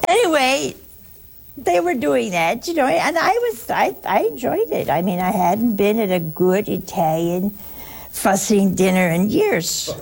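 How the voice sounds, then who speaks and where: A woman giving a folksy, humorous religious talk to listeners, sometimes dropping into a hushed aside. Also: mid-range voice, big pitch swings, a little slow, vocal fry, slightly rough. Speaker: religious speaker. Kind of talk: conversational broadcast talk to listeners.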